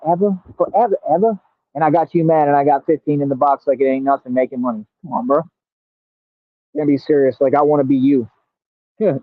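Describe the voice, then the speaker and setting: A brash, boastful man rants at his critics in a high, confrontational voice. The sound is tinny and phone-like, and very dry with no room around it. He drags out words slowly when he wants them to land. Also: no room sound. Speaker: radio show host. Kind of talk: combative live-stream rant at commenters.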